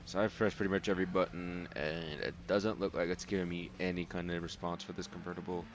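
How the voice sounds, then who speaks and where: A young man casually commenting on a racing game as he plays, rambling and relaxed with lots of filler words. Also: low voice, quick pace. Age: young adult. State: sleepy, yawning. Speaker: let's play host.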